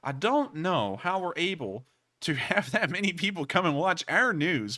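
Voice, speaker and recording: A man hosts a casual livestream, answering viewer messages. He talks in an earnest, rambling way and thanks people over and over. His voice is bright and clean, recorded dry with no room sound. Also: mid-range voice, no room sound. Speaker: livestream news host.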